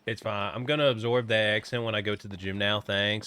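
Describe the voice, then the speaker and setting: A man's voice: on the low side, steady tone, brisk, hardly any pauses, bright, forceful tone, clear, resonant tone. A man streaming a game, chatting casually and joking with viewers as he rambles.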